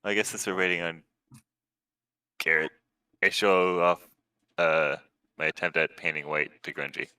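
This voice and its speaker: Deep, bright-toned game master. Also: male voice, measured pace, long pauses, clean tone, dry recording. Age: young adult to middle-aged, a parent. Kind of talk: narrating a tabletop game over a call.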